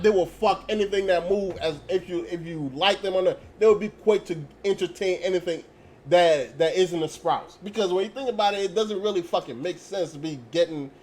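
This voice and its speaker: High-voiced young man ranting bluntly. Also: darkish tone. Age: young adult. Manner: profane, blunt, storytelling with quoted dialogue. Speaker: channel host. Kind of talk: casual ranting monologue.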